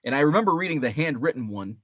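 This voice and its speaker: A man around forty hosts a relaxed live chat show in a slightly raised, very animated voice that swings up and down as he rambles and reminisces. He greets viewers by name and swears mildly. The sound is close and dry, with no room around it. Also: fairly high pitch, fast, dry recording. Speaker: host. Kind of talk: casual livestream chat.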